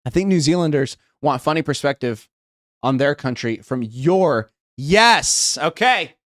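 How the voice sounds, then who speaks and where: Reading chat and musing out loud, a young American streamer with a West Coast accent swears and rambles in a fairly high, expressive voice. He speaks a little slowly, and his tone is fairly bright. No room sound is audible.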